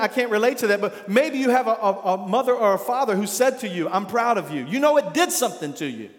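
Brief: male pastor, emphatic sermon delivery, high voice, long sanctuary reverb. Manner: emphatic, rhetorical questions, builds to intense peaks.

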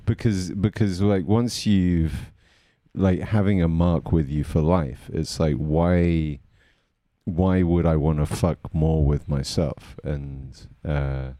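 Man, very low voice, mellow tone, blunt opinions, halting restarts, casual podcast chat. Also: steady tone, dry recording, clean studio sound. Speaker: podcast co-host. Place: lives in Zurich.

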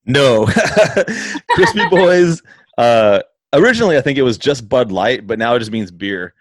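A man's voice: mid-range voice, big pitch swings, a little slow, breathy edge. A man chatting casually, laid-back, laughing often and swearing, with stumbling restarts. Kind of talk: casual chat.

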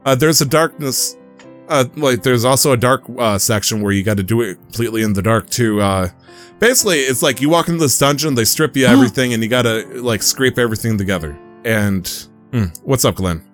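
A man's voice: medium pitch, fairly quick, faint music behind. Young man rambling through a sweary story. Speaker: podcast host. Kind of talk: casual chat.

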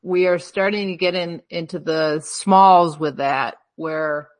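A woman co-hosting a podcast talks slowly in a fairly low voice with fairly even intonation. In casual conversation she muses aloud, wanders from thought to thought, and questions herself along the way.

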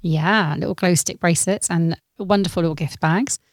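A woman co-hosting a podcast, chatting casually with a teasing, quick wit. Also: fairly low pitch, no room sound, studio quality. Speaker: podcast co-host. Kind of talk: casual chat.

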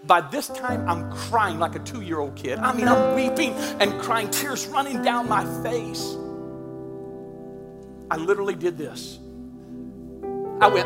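A middle-aged man preaching a sermon, telling a story from his own life in an animated, humorous and emphatic way. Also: high voice, moderate pace, long pauses, loud music behind the voice.

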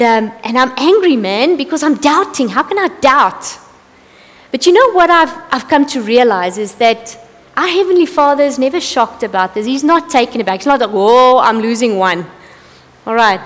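Candid woman preaching in a reverberant hall. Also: fairly high pitch. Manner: conversational, candid, with asides and self-corrections. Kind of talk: evening sermon. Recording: long reverb of a large hall.

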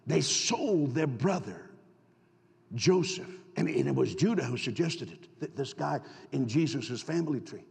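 A man's voice: fairly high pitch, vocal fry, a little mellow. A man preaching a storytelling sermon, folksy and full of stammering restarts, asking his congregation rhetorical questions. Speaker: pastor. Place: church sanctuary. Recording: long hall reverb.

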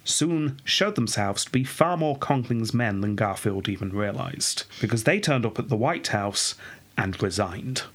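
A man's voice: on the low side, lively intonation, a little slow, a bit bright, breathy edge. A man hosting a podcast, casually telling a history story and reading quotes aloud with frequent laughs.

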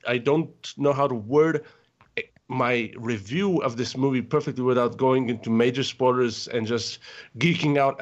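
A man's voice: medium pitch, dull audio. A man on a podcast panel, gushing and rambling with lots of filler words in casual chat.

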